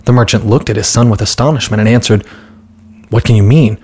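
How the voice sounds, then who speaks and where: A man reading a fairy tale aloud in a calm, steady storybook narration, with light voices for the characters. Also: lowish voice, brisk, husky.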